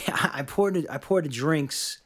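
A middle-aged man tells a long story in loose podcast chat, with a voice pitched a little above the usual. He swears freely, restarts his sentences and keeps tagging on "man". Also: slow, breathy edge. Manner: animated, profane, lots of restarts and "man". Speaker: podcast host telling a bartending story.

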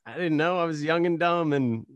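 A man's voice: a little high, normal speed, no room sound, lo-fi sound. Chatty man hosting a podcast. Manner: rambling, self-deprecating storytelling. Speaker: podcast host. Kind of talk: casual conversation.

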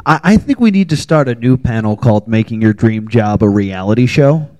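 A man's voice: mid-range voice, animated, fairly quick, a crowd in the background. Man moderating a convention panel. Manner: casual, light joking. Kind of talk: panel talk.

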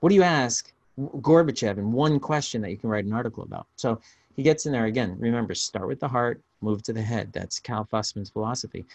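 A man hosting a podcast, telling stories in a casual, animated way with frequent restarts. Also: mid-range voice, brisk, dry recording. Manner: storytelling, animated, restarts often. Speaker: podcast host.

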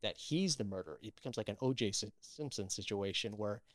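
Man, actor guest, casual interview, animated storyteller, dry close sound. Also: on the low side, a little fast, no room sound. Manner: animated storytelling with many restarts.

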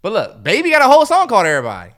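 A man's voice: high voice, huge pitch swings, rapid-fire, a bit bright. A young man with a DMV accent, co-hosting a podcast, arguing his points emphatically in casual chat. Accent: DMV African American English. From DC-Maryland-Virginia area. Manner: argumentative, emphatic, joking. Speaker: podcast co-host.

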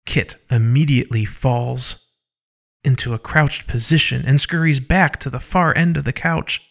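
A man giving slow, deliberate scripted narration for an audio drama. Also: medium pitch, steady tone, vocal fry, fairly bright tone.

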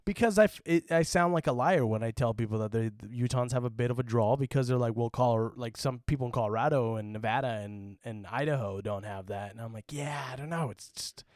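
A man of mid pitch from Utah, recorded dry and close with no room sound. He chats casually on a podcast, telling stories and poking fun at things. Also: brisk, hardly any pauses, darkish tone, no room sound. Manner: joking, storytelling. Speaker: podcast co-host. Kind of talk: casual chat.

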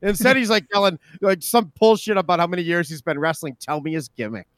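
Male co-host, high and lively, sarcastic, roasting tone, dry close sound. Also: fast, no room sound. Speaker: podcast co-host. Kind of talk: casual streamed chat.

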